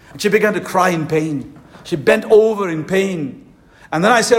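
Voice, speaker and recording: A male pastor with a fairly high voice delivers a fervent sermon at a conference. He leans hard on slow, emphatic phrases. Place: conference hall.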